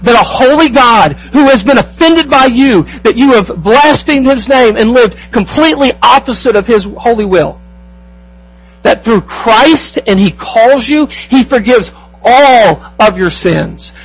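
Male pastor preaching, high-pitched and husky, emphatic, drawing out key words. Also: lively intonation, a little slow, poor audio. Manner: emphatic preaching with rhetorical questions to the congregation. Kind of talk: sermon.

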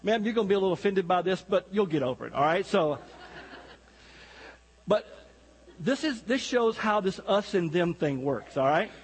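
Folksy guest preacher, male, high husky voice, long church reverb. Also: expressive, normal speed, long pauses. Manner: folksy, joking, talks directly to the congregation. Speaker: guest pastor. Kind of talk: sermon. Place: church sanctuary.

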